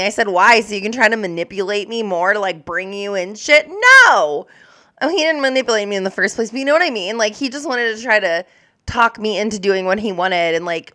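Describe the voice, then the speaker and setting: A woman's voice: mid-range voice, lively intonation, moderate pace, pushed and bright, dry recording, clean studio sound. A young woman who works as a corrections officer, reacting to news clips in casual, blunt, profane chat full of "like". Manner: blunt, profane, chatty with many likes.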